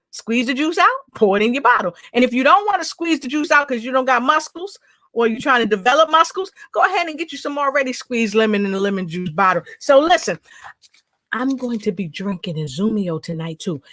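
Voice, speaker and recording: A woman hosting a livestream talk show, energetic and full of repeated hype and call-and-response. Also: high-pitched, dry recording. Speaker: show host.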